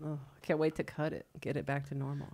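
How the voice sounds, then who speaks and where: A woman's voice: deep voice, flat delivery, fast, a little mellow. A woman around fifty, co-hosting a podcast in casual chat, teasing and laughing often. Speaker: podcast co-host.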